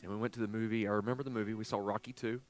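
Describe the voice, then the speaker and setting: A pastor in his forties preaching a sermon, telling a personal story with animated swings from hushed to loud. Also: fairly low pitch, very fast, soft background music. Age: 40s. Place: church sanctuary.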